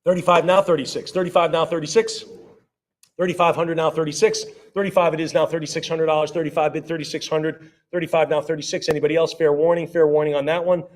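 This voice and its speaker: A man working as an auctioneer at a live sale, rattling off rising bids in quick repeated calls and breaking off for friendly asides about the items. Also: a little high, little pitch movement. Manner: rapid repetitive bid calling with chatty asides.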